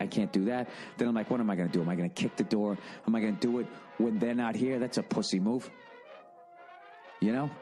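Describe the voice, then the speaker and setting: A man's voice: on the low side, dark tone. A man in his forties telling a story in a casual monologue, ranting and swearing in exasperation. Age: 40s. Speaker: podcast host.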